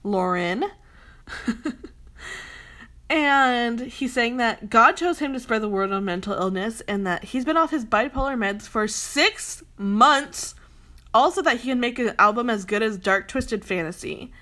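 A woman's voice: fairly high pitch, lively intonation, measured pace, bright, forceful tone. A young woman ranting heatedly in a commentary vlog, emphatic and swearing often, with a lot of "like" fillers. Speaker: commentary vlogger.

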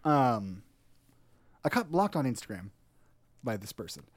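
A man's voice: medium pitch, big pitch swings, unhurried, dry recording. Laid-back joking man telling a story. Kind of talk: casual storytelling chat.

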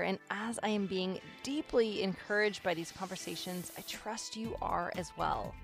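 A woman hosting a faith-based devotional podcast, talking in an earnest, conversational way with frequent ums. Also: medium pitch. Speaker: podcast host.

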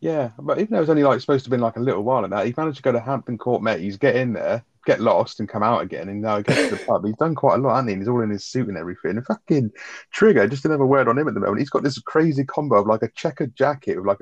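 A man in a casual chat about a sitcom episode, quick and full of fillers, swearing as he retells scenes. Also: medium pitch, animated, husky, no echo. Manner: rapid, full of fillers like 'like', swears, quotes characters. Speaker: podcast co-host. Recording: dull lo-fi dry sound.

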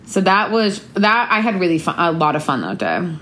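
A woman's voice: fairly low pitch, big pitch swings, a little fast, hardly any pauses, fairly bright tone. A young woman chatting casually with a friend, bubbly and full of "like". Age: young adult. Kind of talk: casual chat recapping the year.

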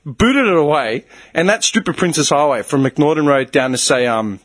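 A man in his thirties with an Australian accent, telling a story in casual chat, animated and swearing a lot as he acts out what people said. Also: on the high side, moderate pace.

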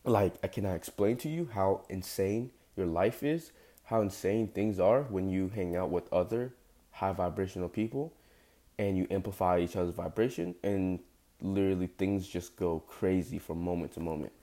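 A man's voice: low voice, normal speed, dark tone. A young man hosting a solo podcast who has just woken up and sounds groggy, rambling with many fillers and emphatic repetition. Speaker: podcast host. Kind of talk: casual solo podcast monologue.

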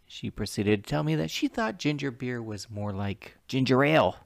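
A man's voice: medium pitch, animated, moderate pace, gravelly, hardly any pauses, no room sound. A man hosting a podcast, talking casually and breaking off for joking asides. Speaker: podcast host. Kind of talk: casual chat.

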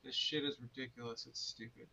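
A man co-hosting a comedy podcast, talking casually in a dismissive, deadpan, profane way. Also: mid-range voice, brisk, gravelly, husky, poor audio. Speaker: podcast co-host.

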